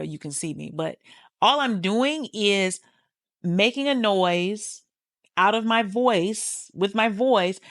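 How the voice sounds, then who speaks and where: A woman's voice: fairly low pitch, no echo, clean studio sound. A woman hosting a podcast on healing, talking casually and candidly straight to the listener and swearing freely. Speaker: podcast host, healing coach. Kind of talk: casual motivational talk.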